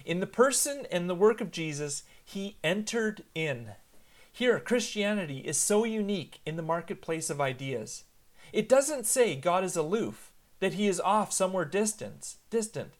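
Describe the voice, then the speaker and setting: A man in his thirties, a pastor, preaching a sermon in an earnest storytelling manner and slowing down for emphasis. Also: high-pitched, animated.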